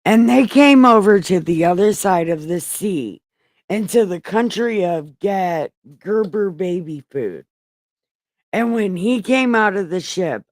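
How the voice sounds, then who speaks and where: A woman reads the Bible aloud at an unhurried pace, her voice dry and close with no room sound. She corrects her own slips and throws in profane, offhand retellings. Between verses she rambles to viewers who may not be there. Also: on the low side, darkish tone, no echo. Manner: irreverent, swears while paraphrasing; rambling, self-correcting, talks to an empty chat. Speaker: livestream Bible reader. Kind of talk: casual live Bible reading with chatty asides.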